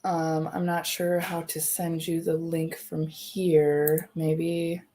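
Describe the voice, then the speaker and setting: A woman hosting her own livestream, fired up and confrontational, cursing freely as she talks straight to the camera. Her voice sits a little low for a woman. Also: little pitch movement, takes it slowly, mellow, a little hiss or hum. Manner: heated, swearing, confrontational. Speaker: livestream host. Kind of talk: angry livestream address.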